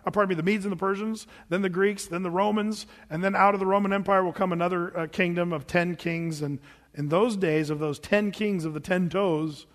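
A man's voice: high voice, steady tone, fairly quick, long reverb tail. A man preaching a sermon, asking rhetorical questions and acting out scenes as he retells them. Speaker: pastor.

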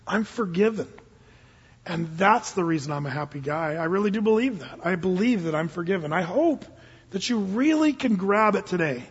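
An older pastor's sermon at a church service is casual yet earnest, climbing suddenly into emphatic outbursts. He speaks at a moderate pace in a high-pitched, expressive voice with a breathy quality. The recording is dull and reverberates at length, as churches do.

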